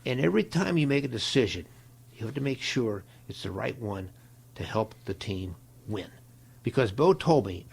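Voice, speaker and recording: An older man, a guest in an interview, telling stories in a folksy, animated way, with a gravelly, husky voice. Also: mid-range voice, moderate pace. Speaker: interview guest, longtime equipment manager. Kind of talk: storytelling in a conversation.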